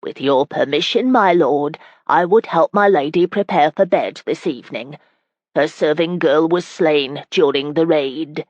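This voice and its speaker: A woman reading an audiobook voicing a humble, earnest female castle servant in a measured, deferential delivery. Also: low-pitched, dry recording, muffled recording.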